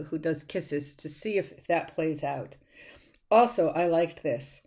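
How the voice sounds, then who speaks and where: A female college instructor with a deep voice delivers a recorded slide lecture in a conversational way, often restarting her sentences and using fillers.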